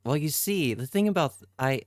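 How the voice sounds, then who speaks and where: A man's voice: on the high side, expressive, fairly quick, no echo, clean studio sound, soft background music. A man streaming live, chatting casually with his viewers, swearing freely and answering their messages.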